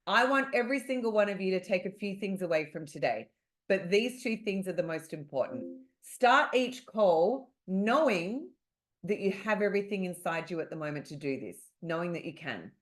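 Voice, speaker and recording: A woman's voice: fairly low pitch, moderate pace. Australian woman coach, punchy motivational webinar delivery over a video call. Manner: energetic, motivational, emphatic repetition. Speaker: real estate sales coach. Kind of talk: webinar teaching.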